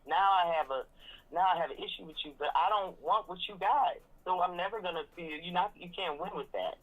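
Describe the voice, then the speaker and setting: A woman in a casual recap chat about a reality show, sassy and animated, slipping into mocking impressions. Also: on the low side, lo-fi sound. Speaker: reality TV commentator.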